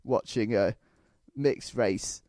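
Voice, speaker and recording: A man's voice: on the low side, slow, mellow, no room sound, studio quality. A man co-hosting a comedy review podcast, joking in casual back-and-forth chat. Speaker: podcast co-host.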